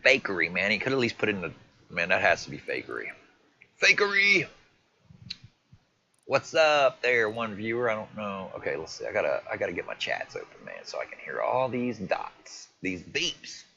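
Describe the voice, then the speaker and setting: A man's voice: lowish voice, big pitch swings, fairly quick, gravelly, pushed and bright. A man livestreaming, animatedly reacting to and retelling video clips, swearing casually. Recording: dull lo-fi stream audio with faint noise.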